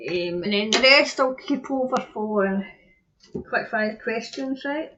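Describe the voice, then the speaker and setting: Chatty Scottish woman, lo-fi sound. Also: fairly high pitch. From Scotland. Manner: chatty, rambling, laughs at herself. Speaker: tarot reader. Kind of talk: casual live tarot reading. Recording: dull lo-fi audio.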